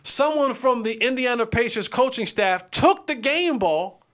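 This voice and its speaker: A man's voice: very high-pitched, lively intonation, measured pace, fairly bright tone. A man hosting a sports talk show, chatting casually and animatedly, acting out what players say.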